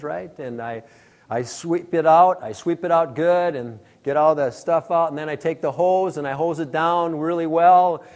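A middle-aged male pastor preaching a sermon, telling stories with acted-out exclamations. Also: medium pitch. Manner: storytelling, animated with acted-out exclamations.

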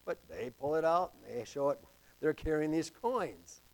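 A man preaching a sermon to a congregation, slow and emphatic, with dramatic rises in pitch and volume. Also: animated, creaky, a little mellow. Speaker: pastor.

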